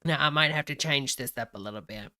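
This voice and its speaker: A woman's voice: extremely low pitch, quick pace, bright, forceful tone. A woman hosting a reaction video, talking in a gossipy, chatty way and exclaiming over the news. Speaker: host.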